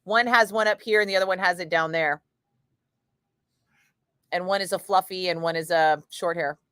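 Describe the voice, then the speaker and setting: A middle-aged woman, chatting casually with viewers on a home livestream, animated and sweary as she tells stories. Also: on the low side, normal speed, clear, resonant tone, no room sound, studio quality. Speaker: radio DJ chatting with live viewers.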